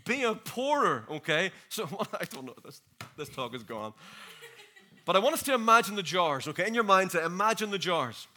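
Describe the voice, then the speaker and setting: Laughing jet-lagged preacher. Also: male voice, high-pitched, normal speed. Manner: jokey, laughing, energetic, talks to the crowd. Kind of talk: lively sermon.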